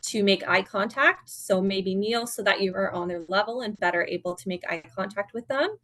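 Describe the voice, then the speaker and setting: A woman presenting at an online seminar as a dementia care educator, giving calm, step-by-step guidance. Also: mid-range voice, moderate pace, dry recording. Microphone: video call.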